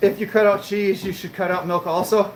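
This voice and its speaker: A man livestreaming while on a treadmill, chatting casually and answering viewer comments, a bit breathy as he talks between breaths. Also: high-pitched, fairly even intonation, a little fast, reverberant, a little hiss or hum, rough recording. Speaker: fitness livestreamer.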